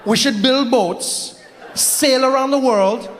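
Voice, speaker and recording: A man's voice: extremely high pitch, takes it slowly, a little hiss or hum. A man voicing a laid-back young Caribbean beach guy who talks chummily, on a reverberant stage. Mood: scheming. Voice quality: chummy, says "bro".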